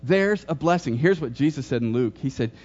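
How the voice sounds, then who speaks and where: A man's voice: mid-range voice, lively intonation, fairly quick, a little mellow. A middle-aged man preaching a sermon as pastor, telling stories with humor and asking the congregation questions. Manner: storytelling, jokes and questions to the congregation. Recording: dull lo-fi sermon recording.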